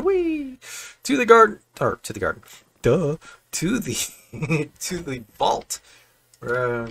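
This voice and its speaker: Male gamer, gravelly voice, rambling, chatty home-recorded commentary. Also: lowish voice, fairly bright tone, a little hiss or hum. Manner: rambling, chatty, self-correcting. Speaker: Minecraft building creator. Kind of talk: casual gameplay commentary. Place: home room.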